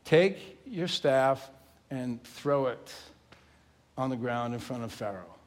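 A man voicing a calm, mighty male deity who speaks with assurance. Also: medium pitch, takes it slowly, voice pushed down. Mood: instructing.

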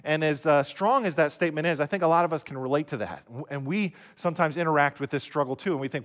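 A man's voice: a little high, quick pace, few pauses, a bit bright. A man preaching a casual, conversational sermon to viewers at home, often repeating words as he restarts. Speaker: pastor. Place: recorded for online viewers at home.

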